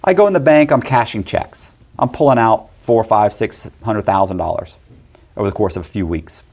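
Telling a personal story casually, this middle-aged man speaks with a fairly low pitch. He gets animated and does quick voices for the other people he quotes.

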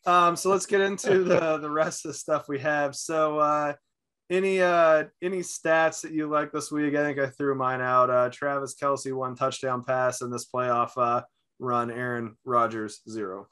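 A man with a slightly high voice tells a sports story in casual chat, animated and quick to act out the people in it. He co-hosts the show and keeps the talk loose and conversational. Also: smooth. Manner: animated storyteller, acts out quotes. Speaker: podcast co-host.

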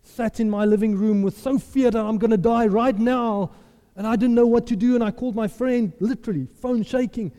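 A man's voice: very high voice, fairly even intonation, a little fast, mellow. A man preaching a sermon, emphatic and impassioned, repeating his phrases for effect. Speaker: pastor. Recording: long hall reverb.

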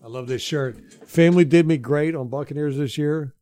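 A man's voice: fairly high pitch, moderate pace, mellow. A man talking football in a loose, joking way, swearing now and then. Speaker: co-host of a football chat. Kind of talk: casual chat.

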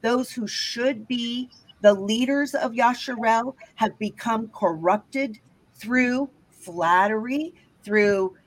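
A woman's voice: fairly high pitch, slow pace, poor audio. Emphatic woman teaching scripture. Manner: emphatic, often checks in with "right?". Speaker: Bible teacher.

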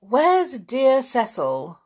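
A woman reading aloud, voicing a cheeky, excitable farm boy in a bouncy, high-spirited way. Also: extremely slow, full character voice.

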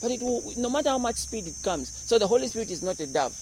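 A man preaching a sermon, animated and humorous as he explains scripture. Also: very high-pitched, quick pace, a little hiss or hum, rough recording. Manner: animated, explains verses with humor and acted-out voices. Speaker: pastor.

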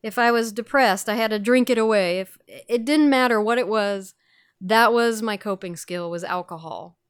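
A woman's voice: mid-range voice, moderate pace, smooth, dry recording, clean studio sound. A woman guesting on a podcast, telling her own story in a chatty, self-mocking way with lots of fillers. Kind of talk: candid recovery podcast talk.

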